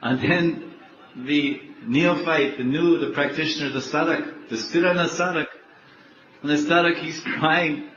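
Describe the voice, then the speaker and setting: An older man, a spiritual teacher, giving a devotional lecture slowly, repeating words and laughing often. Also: fairly high pitch, fairly even intonation, fairly bright tone. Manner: slow, repetitive, laughing often. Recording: echoey, dull, faint background noise.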